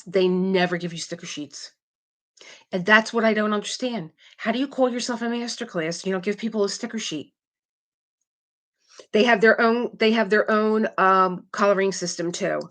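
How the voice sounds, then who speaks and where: A woman's voice: medium pitch, a bit bright. A middle-aged woman hosting a live craft stream, chatting casually and animatedly, reading viewer comments aloud and laughing often.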